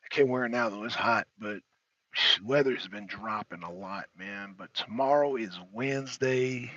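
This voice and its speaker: A man chatting loosely as a talk show panelist, animated and profane, often laughing and repeating words. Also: lowish voice, moderate pace, dry recording, dull audio. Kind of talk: casual chat.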